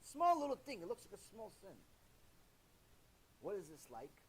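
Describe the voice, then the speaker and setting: A man preaching a sermon as a rabbi, animated, repeating himself and asking rhetorical questions. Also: high-pitched, moderate pace, a little hiss or hum.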